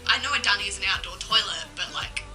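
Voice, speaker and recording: Chatty bright Australian young woman. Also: medium pitch, quick pace, soft background music, rough recording. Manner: chatty, indignant, lots of "um" and "like". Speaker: vlogger. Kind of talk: casual vlog monologue.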